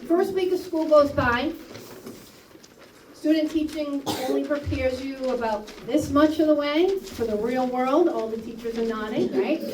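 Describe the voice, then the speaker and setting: A woman speaking at a school library ceremony, telling a lively anecdote and acting out the quoted dialogue. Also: high-pitched. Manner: storytelling, acts out quoted dialogue. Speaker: school staff hosting a ceremony. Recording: echoey room from far off, faint noise.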